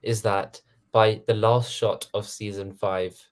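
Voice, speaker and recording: A man with a lowish voice speaks as a guest on a casual livestream chat. He stumbles and repeats himself and fills the gaps with "you know" as he lays out his thoughts. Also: flat delivery. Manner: halting, repeats words, frequent "you know".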